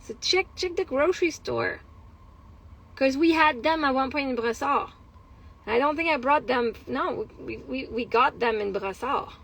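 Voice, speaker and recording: A woman's voice: high-pitched, measured pace, vocal fry, fairly bright tone, husky, rough recording. A woman talking in a casual personal vlog, candid and rambling, venting frustration with swearing and laughter. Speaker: vlogger.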